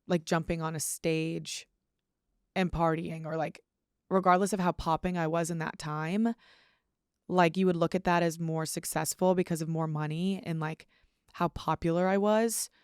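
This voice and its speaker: A woman's voice: lowish voice, fairly even intonation, moderate pace, darkish tone, clean tone, no room sound, studio quality. A woman, hosting a solo podcast in a candid, casual way, swearing freely and saying "like" a lot. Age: 20s. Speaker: podcast host.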